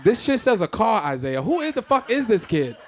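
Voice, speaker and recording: A man working a stand-up set on a theatre stage, his voice pitched high and swinging widely as he talks. He tells stories in a loud, exclamatory, profane way. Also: sing-song, brisk, some chatter behind, slight background noise. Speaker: stand-up comedian.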